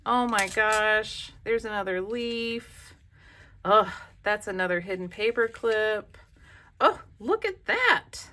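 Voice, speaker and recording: A woman's voice: medium pitch, lively intonation, takes it slowly, pushed and bright, a little hiss or hum. A woman from the South, hosting a casual crafting vlog in a chatty, gushing, self-deprecating way. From American South. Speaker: craft channel host.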